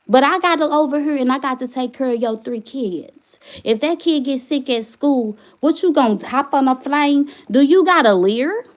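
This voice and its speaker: A young woman livestreaming to her chat from her phone, venting indignantly and getting loud as she complains. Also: high voice. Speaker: vlogger, single mother.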